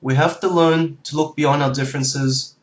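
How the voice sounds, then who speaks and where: A young man, a university student, wrapping up his video in an energetic, earnest way. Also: fairly high pitch, normal speed, poor audio. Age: young adult. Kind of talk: casual video outro to camera.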